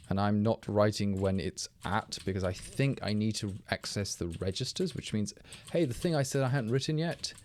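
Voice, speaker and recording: A man's voice: on the low side, a little mellow, slight background noise. A man, a little tipsy from drinking, thinking aloud and correcting himself as he talks through live coding. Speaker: programmer streaming live.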